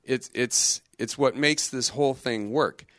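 This clip features a middle-aged man, a religious brother, delivering an animated talk to young people in a joking, conversational style packed with rhetorical questions. His pitch is medium and his pace measured, captured in a dry, clean studio recording.

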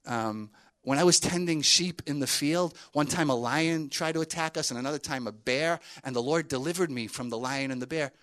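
A man voicing a calm, confident teenage shepherd in a storytelling sermon. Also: on the high side, normal speed, close to an everyday voice.

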